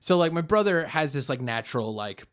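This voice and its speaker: Lively, animated male podcast co-host. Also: on the high side, brisk, clear, resonant tone. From born in Japan. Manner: playful, slips into goofy put-on voices and shouts. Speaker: podcast co-host pitching a movie. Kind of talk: casual comedic chat.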